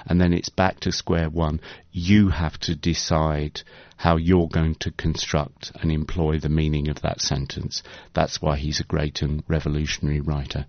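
A man's voice: rumbling low, little pitch movement, moderate pace, vocal fry, few pauses, no room sound. A male author being interviewed on the radio, speaking thoughtfully and articulately with some fillers and restarts. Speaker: author guest. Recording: dull lo-fi radio broadcast.

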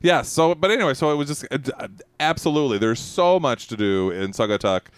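A man's voice: medium pitch, animated, quick pace, smooth, no room sound. A man co-hosting a radio talk show in the studio, chatting casually and telling stories with many fillers. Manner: rambling storyteller, many fillers. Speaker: radio co-host. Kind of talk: casual chat.

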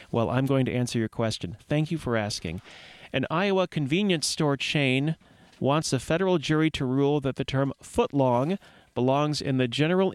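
Male radio host in a dry, close studio sound, mid-pitched, jokey and rambling on local news. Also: no room sound. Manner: wry, rambling asides and puns.

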